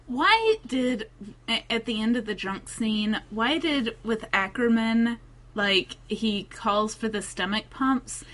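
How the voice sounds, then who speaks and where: A woman co-hosting a casual podcast, retelling scenes slowly and deliberately. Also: on the high side, expressive, fairly bright tone. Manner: slow, drawn-out storytelling, quotes scenes. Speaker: podcast co-host. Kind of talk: casual chat.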